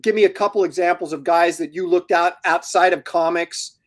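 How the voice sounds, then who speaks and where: A man's voice: high voice, steady tone, brisk. A comic artist chatting on a video call, blunt and dry in his opinions. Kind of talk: casual chat.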